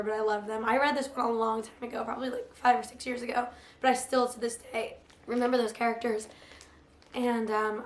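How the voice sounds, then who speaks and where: A young woman with a hoarse, recovering voice chatting casually about books, full of "like" fillers. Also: a little high, slight background noise. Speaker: book vlogger. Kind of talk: casual chat. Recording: roomy echo.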